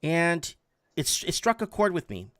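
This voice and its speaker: A man in his forties telling a story in a casual, animated way, often repeating words for emphasis. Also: a little high, measured pace, no echo, clean studio sound. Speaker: podcast host.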